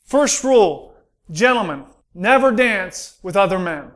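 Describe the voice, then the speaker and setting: A man's voice: sits high, lively intonation, measured pace, fairly bright tone. An American man doing a stand-up comedy routine, telling stories and acting out the dialogue. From United States. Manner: storytelling, acts out dialogue.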